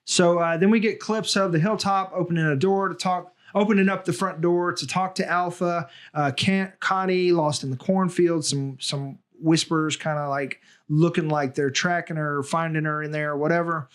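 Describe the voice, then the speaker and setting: A man with a fairly high voice hosts a relaxed fan chat. He rambles a little, with plenty of fillers and restarts as he keeps the talk moving. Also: normal speed, hardly any pauses. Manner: chatty, with frequent fillers and restarts. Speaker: podcast host. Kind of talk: casual fan discussion.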